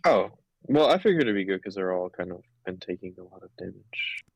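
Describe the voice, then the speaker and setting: Man tabletop player with a low, gravelly voice; casual and halting, close dry mic. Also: sing-song, no room sound. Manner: halting, laughing, with sudden blustering threats in character.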